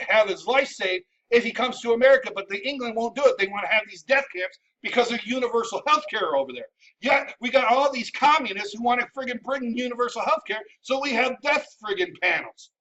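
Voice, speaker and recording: A man, an army veteran, ranting at his viewers in a combative, profane, scolding way, shouting at times. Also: extremely high pitch. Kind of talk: ranting commentary to camera. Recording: dull sound from a distant mic.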